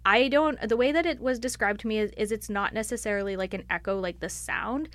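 A woman's voice: mid-range voice, a little fast, fairly bright tone, dry recording. A woman on staff answering interview questions in a thoughtful, explanatory way, often using "like" as a filler. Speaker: library staff member.

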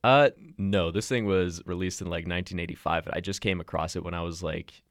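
A man's voice: low-pitched, fairly even intonation, fairly quick, no echo, studio quality. A young man from Canada, a podcast guest talking in a thoughtful, hesitant way with many fillers. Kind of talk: casual podcast chat.

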